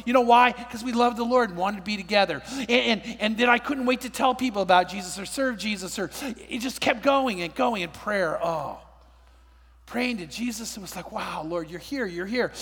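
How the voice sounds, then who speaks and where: A man's voice: high voice, moderate pace, a bit bright, breathy edge. An older man preaching a sermon, telling stories with emphatic, repeated phrases. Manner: storytelling, emphatic, repeats words. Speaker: pastor. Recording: reverberant hall.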